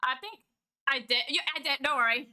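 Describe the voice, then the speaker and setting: A woman's voice: sits high, a little fast, bright, forceful tone. A woman live-streaming, chatting casually with her viewers in a playful, teasing way and laughing often.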